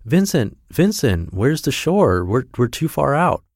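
A man's voice: medium pitch, very animated, a little slow, darkish tone, dry recording, clean studio sound, pitched above the performer's own voice. A man voicing a proud young swimmer who panics far out at sea, calling out in a raised, frantic voice. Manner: pleading, frantic calls.

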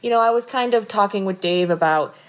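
A woman co-hosting a comedy podcast, rambling in a breezy way and trailing off softly. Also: mid-range voice, fairly quick. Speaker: podcast co-host.

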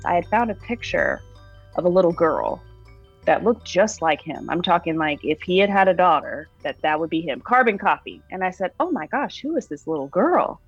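A young adult woman, an interviewee recounting a personal story, animated as she retells it. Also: on the low side, moderate pace, breathy edge, no echo, soft background music. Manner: animated retelling, voices her own past words. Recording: dull lo-fi sound.

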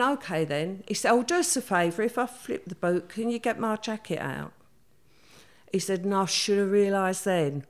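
An older woman, a guest recounting her past in a chatty interview, acting out what others said. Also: on the low side. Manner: chatty, acts out quoted voices. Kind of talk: storytelling interview.

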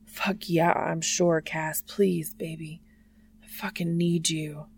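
A man's voice: a little high, little pitch movement, slow, creaky, slightly rough, heavily acted. A woman voicing an overwhelmed young man who gasps, stutters and pleads breathlessly. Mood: breathless pleading.

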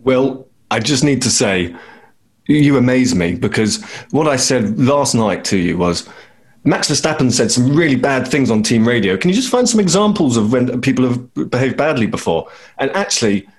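A man's voice: mid-range voice, lively intonation, normal speed. Man steering a podcast chat. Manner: steering the conversation. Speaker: podcast host.

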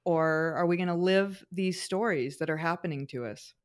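A middle-aged woman with a somewhat low voice co-hosts a casual podcast. She tells family stories at length, with plenty of fillers and restarts along the way. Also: normal speed. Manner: warm storyteller, frequent fillers and restarts. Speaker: podcast co-host.

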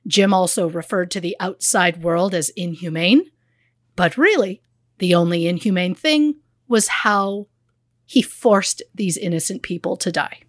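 A woman's voice: fairly low pitch, animated, measured pace, no echo, clean studio sound. Blunt woman telling a true crime story. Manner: blunt, conversational, with fillers. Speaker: podcast co-host.

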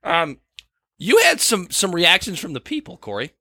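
A man co-hosting a podcast in casual chat, joking and animated, with lots of fillers. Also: high voice, normal speed, no room sound, studio quality. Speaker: podcast co-host.

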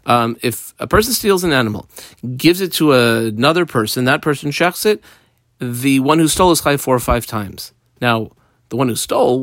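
A man giving a daily Talmud lesson, explaining the page casually with everyday examples and frequent pauses. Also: a little high, fairly bright tone, no room sound, clean studio sound. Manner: halting, with frequent ums and restarts. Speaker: Talmud teacher.

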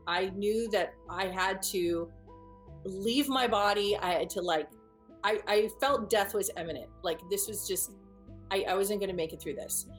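A woman's voice: mid-range voice, measured pace. A woman recounts her own experience to listeners in an earnest, vivid manner. Her voice sits in a middle register. She often stops mid-phrase, restarts and repeats words as she tries to get the telling right, with faint music behind her. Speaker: speaker recounting a personal experience. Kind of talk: first-person storytelling to an audience.

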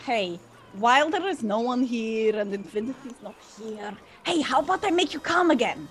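A woman's voice: on the high side, expressive, slight background noise. A woman playing in a tabletop game, playful and giggly, teasing the others. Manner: playful and giggly, quick to tease. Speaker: player.

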